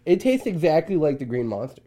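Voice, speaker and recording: A young man hosting a casual podcast, loud and excitable, swearing and laughing often. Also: on the high side, fairly quick. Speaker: podcast host. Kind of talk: casual crude banter.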